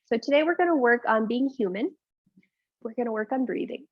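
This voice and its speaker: A woman leading a live yoga class, mixing candid, rambling asides with calm, breath-led cues for poses. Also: a little high, a little fast, dry recording. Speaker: yoga teacher. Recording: dull lo-fi sound, dry.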